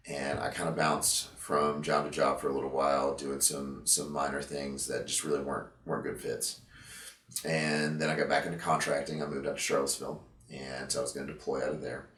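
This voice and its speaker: A man being interviewed about his past, talking in a halting, reflective way with many fillers and restarts, emotional at times. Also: a bass voice, flat delivery, a bit bright, reverberant, distant mic. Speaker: interview guest, veteran and gym owner. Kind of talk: candid interview conversation.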